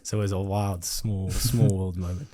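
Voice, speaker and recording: With a low, mellow voice, fairly even intonation and a moderate pace, this young South African musician reflects earnestly during a relaxed interview. He's in his twenties and often uses fillers and restarts sentences.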